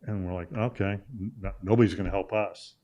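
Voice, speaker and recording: A man's voice: low-pitched, fairly even intonation, fairly quick, mellow, dull audio. A middle-aged man from Illinois, a sports journalist guesting on a talk show, telling a long story casually with lots of "uh" fillers and restarts. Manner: rambling anecdote with many "uh" fillers and restarts.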